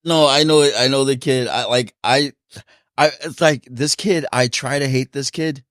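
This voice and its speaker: A man chats on a podcast and tells his stories with lots of laughter and energy. His voice sits at an ordinary pitch, and the sound is close and dry with no room around it. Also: normal speed, no echo. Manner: animated, laughing storyteller. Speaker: podcast host and boxing gym coach. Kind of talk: casual podcast chat.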